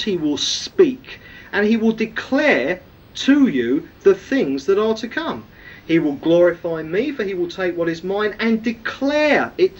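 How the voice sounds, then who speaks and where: A man's voice: sits high, distant mic, highs cut off, slight background noise. A man preaching a sermon, teaching emphatically and often asking his listeners questions. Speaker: preacher teaching a weekly series.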